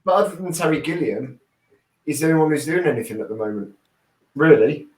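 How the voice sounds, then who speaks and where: A man's voice: a little high, lively intonation, a little fast. A man in casual chat, enthusiastically agreeing and chipping in.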